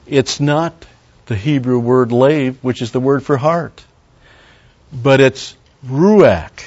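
A man's voice: mid-range voice, slow, darkish tone, dull audio. A man preaching a verse-by-verse sermon as a Bible teacher, talking conversationally, stopping for Hebrew word study and making wry asides to the congregation.

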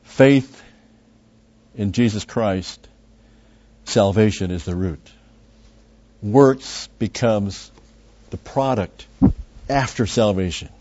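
Male Bible teacher, low voice, dull lo-fi recording, rambling asides with emphatic stresses. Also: takes it slowly, pauses often, darkish tone. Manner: conversational, with frequent asides and restarts; emphatic on key words.

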